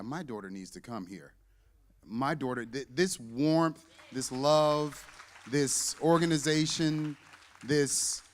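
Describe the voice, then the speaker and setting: Speaking in a mid-range voice that trails off into long reverb, this fiftyish deacon and visiting parent entertains a congregation in the church sanctuary. His testimony is funny and animated, and he performs each line of dialogue as he tells it.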